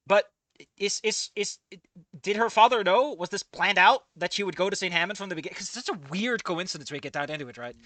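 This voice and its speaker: His voice sits high, with lively intonation and a sharp tone, and he talks fast with no echo. Reading a fan story aloud, the man comments on it in a swearing rant full of stammered restarts.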